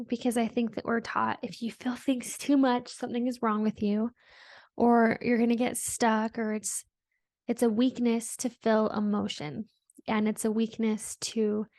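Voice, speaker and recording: A woman's voice: fairly high pitch, no room sound, studio quality. A woman hosting a spiritual podcast, talking in a meandering, reflective way with many fillers. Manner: meandering, reflective, soft-spoken with frequent "like" fillers. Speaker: podcast host. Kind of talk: casual spiritual monologue.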